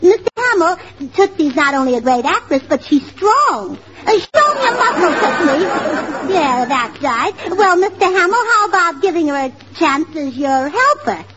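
A woman's voice: very high-pitched, big pitch swings, moderate pace, fairly bright tone, a faint crowd. A woman doing scatterbrained, chirpy 1940s radio comedy acting. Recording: old lo-fi radio broadcast with studio audience.

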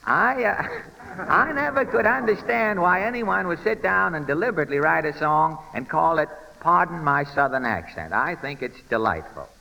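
A man's voice: a little high, animated, normal speed, creaky, bright, forceful tone. A man hosting a 1930s radio amateur contest, bantering and teasing the contestants in a large theater hall. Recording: old radio broadcast in a reverberant hall.

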